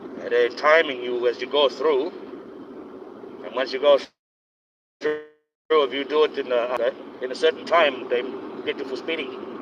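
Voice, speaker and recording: A man live-streaming while driving on a highway, giving rambling, opinionated commentary in a put-on accent. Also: fairly even intonation, measured pace, long pauses. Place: inside a moving car on a highway. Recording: dull lo-fi sound with road noise. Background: engine and road noise.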